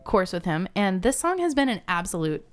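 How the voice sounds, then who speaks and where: A woman's voice: medium pitch, big pitch swings, brisk. A woman music teacher talking on a podcast in casual chat, upbeat, with ukulele heard behind her. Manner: upbeat, sings song examples.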